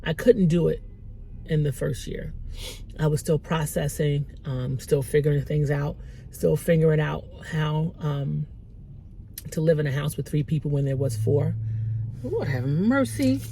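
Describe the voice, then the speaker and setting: A woman's voice: low-pitched, steady tone, a little slow, vocal fry, dark tone, a little hiss or hum. A middle-aged woman speaking candidly and emotionally in a personal faith vlog, rambling and repeating herself as she shares. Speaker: Christian motivational vlogger.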